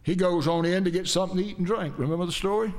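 Male preacher with a high voice, folksy storyteller who keeps checking in with the congregation. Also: very fast. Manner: folksy, dramatic retelling with asides to the audience. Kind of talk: storytelling sermon.

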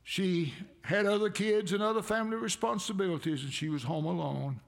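Older male pastor, slightly high gravelly voice, earnest heartfelt sermon delivery. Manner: earnest storytelling, slow and heartfelt. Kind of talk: sermon with prayer.

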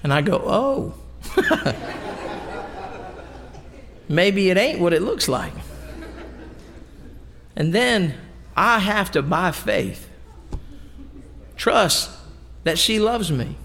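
A man's voice: sits high, expressive, slow pace, pauses often, a bit bright, in a large hall, a little hiss or hum. A middle-aged man preaching a sermon in a church, folksy and emphatic, with homey asides. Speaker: pastor. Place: church sanctuary.

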